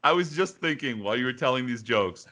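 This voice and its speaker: A man hosting a podcast, chatting casually and reacting with quick banter. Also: mid-range voice, animated, very noisy. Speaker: podcast host. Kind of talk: casual chat.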